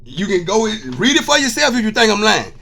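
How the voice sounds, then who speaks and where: A man's voice: high-pitched, sing-song, fairly quick, creaky, sharp tone, slight background noise. A man giving an emotional, preachy testimony monologue to his viewers, repeating "see what I'm saying.". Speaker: vlogger.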